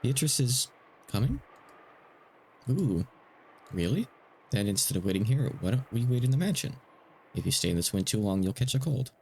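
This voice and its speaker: A man's voice: lowish voice, lively intonation, a little fast, gravelly, a little mellow, slight background noise. A man voicing an anxious, guilt-ridden mother in a game read-aloud, pleading and apologetic. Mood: coaxing.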